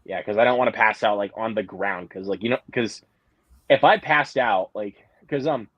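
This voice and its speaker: A man's voice: lowish voice, moderate pace, husky, no echo. Rambling young man on a dull stream mic. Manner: rambling, many fillers and restarts. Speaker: host. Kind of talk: casual live-stream chat.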